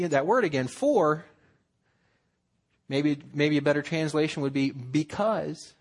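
A man's voice: fairly high pitch, slightly rough. A man preaching a sermon in an earnest, conversational way, acting out quotes as he goes. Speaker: pastor.

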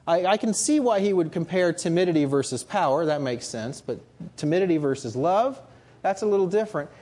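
Male preacher, husky tone, animated delivery, earnest and emphatic. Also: fairly high pitch, fairly quick. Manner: earnest, rising to emphatic rhetorical questions. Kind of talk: sermon.

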